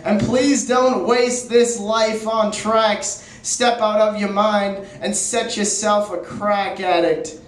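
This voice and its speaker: High-voiced man freestyling rhymes. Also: fairly even intonation, takes it slowly, slight background noise. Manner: rhythmic, rhyming, improvised flow. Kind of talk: freestyle spoken-word poetry. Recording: echoey room, far from the mic, faint ambience.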